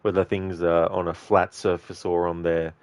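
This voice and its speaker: A man's voice: low voice, little pitch movement, moderate pace, clear, resonant tone, dry recording. A man streaming a video game, chatting casually with his live viewers, greeting and answering them by name in a loose, rambling way. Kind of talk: casual chat with live viewers while playing.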